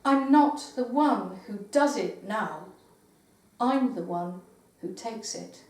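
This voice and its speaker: An older woman poet giving a live poetry reading in a meeting house, with measured recitation and hesitant spoken asides. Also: medium pitch, animated, a little mellow. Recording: roomy live recording from far off.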